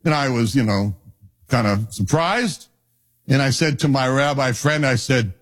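A middle-aged man, a pastor, preaching a sermon and telling personal stories, dropping his voice low for asides. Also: a little slow. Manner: animated storytelling, drops low for asides.

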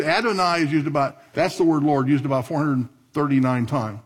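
A man preaching a sermon, asking the congregation questions and swinging from low, quiet stretches to loud, high bursts. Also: a little fast, few pauses, slightly rough. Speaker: pastor.

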